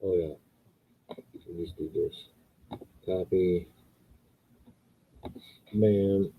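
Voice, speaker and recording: A man's voice: steady tone, very slow, a little hiss or hum. A middle-aged man co-hosting a casual live stream, rambling about his dogs and thanking viewers. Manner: rambling, talks in high baby voice to dogs. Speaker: livestream co-host. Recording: muffled phone-like audio.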